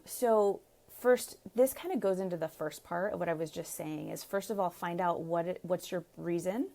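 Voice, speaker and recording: A woman's voice: lowish voice, moderate pace, creaky, few pauses, dark tone. A woman relationship coach giving chatty live advice to viewers, laughing often and acting out what partners say. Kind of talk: live-streamed advice talk.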